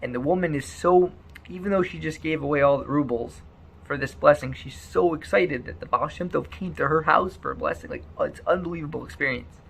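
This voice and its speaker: Male storyteller, animated, stammery restarts, gravelly tone. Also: on the high side, fairly quick. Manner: animated, repeats words often.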